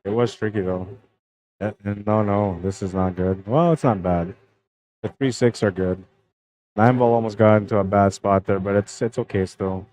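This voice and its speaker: A relaxed young man talks his way through a pool match on his own live stream. His voice sits fairly low, and his delivery is loose and chatty as he calls the shots and greets viewers one after another. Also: normal speed, rough recording. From Canada. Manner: laid-back, chatty, greets viewers by name. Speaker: pool tournament streamer and commentator. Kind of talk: casual live-stream commentary.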